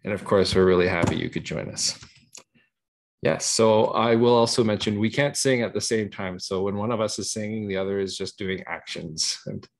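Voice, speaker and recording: A man leading songs for young children over a video call, friendly and quick to laugh. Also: on the low side, creaky. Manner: friendly, laughs easily, chatty fillers. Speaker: early years facilitator. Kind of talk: children's singalong, casual.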